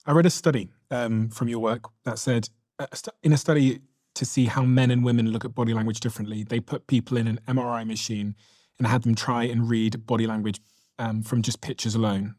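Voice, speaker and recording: A man's voice: mid-range voice, steady tone, fairly quick, a little mellow, no echo, clean studio sound. A man hosting an interview, asking curious questions and thinking aloud. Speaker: podcast host.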